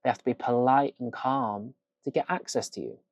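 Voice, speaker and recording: Brief: male dog trainer, punchy and casual, mid pitch, dry close sound. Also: normal speed, dry recording. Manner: emphatic, casual, swears for effect. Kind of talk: direct-to-camera training tips.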